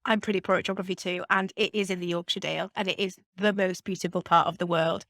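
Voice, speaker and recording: A woman's voice: lowish voice, level tone, fast, fairly bright tone, no echo, clean studio sound. A woman with a Geordie accent, a company chief executive answering podcast interview questions in a confident, upbeat, businesslike way. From Newcastle, England. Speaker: brewery chief executive, guest.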